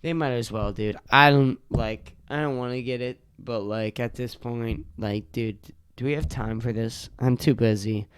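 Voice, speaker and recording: A young man talks alone into a close, dry podcast mic, his voice smooth and clear. He rambles and swears, exasperated and a little tipsy, and his throat sounds sore from talking so long. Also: medium pitch, moderate pace, hardly any pauses, mellow, no room sound. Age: young adult. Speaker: podcast host. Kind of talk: casual solo podcast rant.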